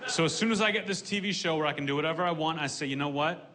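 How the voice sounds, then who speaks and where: Deadpan man doing stand-up. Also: on the high side, fast, few pauses, slight background noise. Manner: deadpan, dark punchlines delivered dryly. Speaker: stand-up comedian. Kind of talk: stand-up comedy set. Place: comedy stage. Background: audience laughter.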